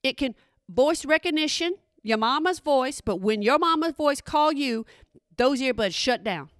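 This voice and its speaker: A woman's voice: high-pitched, lively intonation, measured pace, dry recording, studio quality. A middle-aged woman, talking casually and playfully to her audience and asking them questions. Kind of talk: casual comedic talk to an audience.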